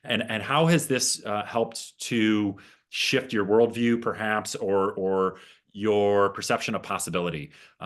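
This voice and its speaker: Male life coach host, very low voice; warm affirmations delivered in long, upbeat coaching phrases. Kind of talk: interviewing a client.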